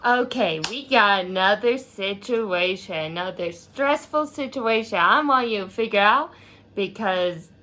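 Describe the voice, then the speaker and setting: A woman's voice: medium pitch, pushed and bright. A woman presenting a school skit in a playful, jokey, chatty way. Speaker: student presenter.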